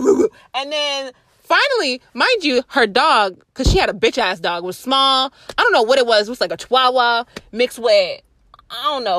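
A young woman vlogger telling a story in a casual, profane, animated way, often laughing. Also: on the high side, dry recording.

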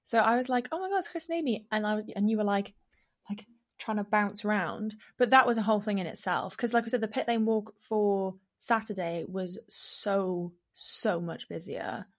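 A woman's voice: mid-range voice, normal speed. A young woman, co-hosting a podcast in casual chat, telling a story with lots of fillers and acted-out quotes. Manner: animated storytelling, acting out quotes, many fillers. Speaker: podcast co-host.

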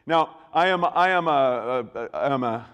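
Brief: male pastor, mid-pitched and chatty, with lots of restarts, church hall with long reverb. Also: expressive, unhurried, a bit bright, clear, resonant tone. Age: adult. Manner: conversational, repeats words and restarts, breaks into acted quotes. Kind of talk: sermon.

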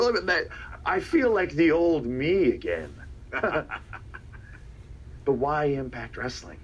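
A man's voice: on the high side, sing-song, slow pace, long pauses, slightly rough, lo-fi sound. A man, a pro wrestler, giving a boastful, taunting promo interview in a clip from a TV broadcast, often stammering and repeating his words.

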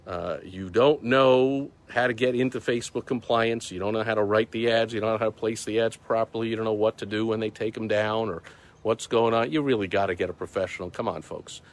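A man's voice: on the low side, steady tone, brisk. Emphatic, sarcastic man talking outdoors. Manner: emphatic, sarcastic, repeats words for stress. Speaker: business video host. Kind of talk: casual outdoor video monologue. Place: outdoors in the mountains, breeze. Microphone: phone or camera recording himself.

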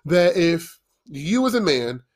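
A man's voice: a little high, sing-song, takes it slowly. A man hosting a solo podcast, talking bluntly and profanely in a rambling rant full of "okay?" asides. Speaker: podcast host.

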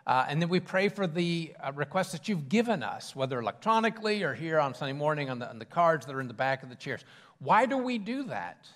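A man's voice: a little high, big pitch swings, a little fast, a bit bright, in a large hall. A man preaching a sermon in a church, conversational with fillers and restarts. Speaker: pastor. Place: church sanctuary.

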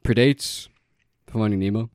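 A young man in a loose podcast chat, his voice sitting low and recorded dry and close. He rambles through a story, stacking fillers and breaking into laughs. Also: a little slow, a little mellow, no room sound. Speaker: podcast co-host. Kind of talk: casual chat.

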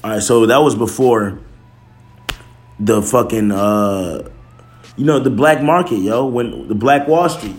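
A man's voice: on the low side, a little slow, pauses often. A man talking casually to camera, loose and slangy, swearing, restarting and correcting himself as he goes. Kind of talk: casual chat. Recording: echoey room.

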